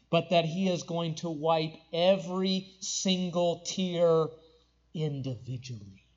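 A young man delivering a sermon, his voice pitched high for a man. He climbs into ringing, emphatic declarations and then sinks to soft, tender passages. The recording is dull and lo-fi. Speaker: pastor.

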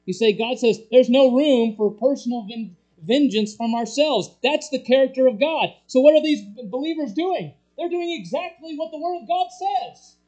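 A preacher delivering a sermon, swinging between loud urgent passages and hushed, low ones. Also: lively intonation, moderate pace, few pauses, low-quality recording.

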